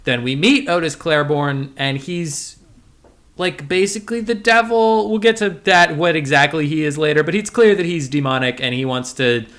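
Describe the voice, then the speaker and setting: Guy on a movie podcast, kinda high voice, snarky recap, laughs a lot. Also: normal speed, a bit bright. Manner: joking, sarcastic recapping. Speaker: podcast co-host. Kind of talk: casual movie-review chat.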